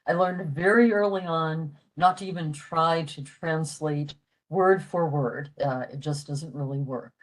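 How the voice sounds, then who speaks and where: An older woman explaining a language lesson for a library talk, halting with many fillers. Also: sits low, rough recording. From western Pennsylvania, USA. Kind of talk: explaining a lecture.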